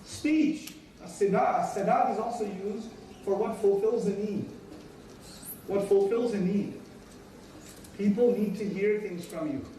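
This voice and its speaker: A man's voice: high voice, unhurried, pauses often, dark tone. A man giving a religious lecture, speaking emphatically, repeating his key points and acting out everyday dialogues. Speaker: Islamic teacher. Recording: echoey room, distant mic, faint noise.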